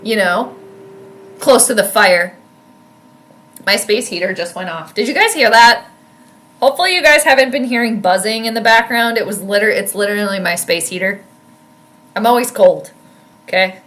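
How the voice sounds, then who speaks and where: Young woman, animated fan-commentator streaming from home, bright higher voice, loud reactions. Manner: animated, yells at plays, chatty with viewers. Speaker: sports commentator and astrologer streaming live. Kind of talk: casual live game commentary. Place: home room with space heater.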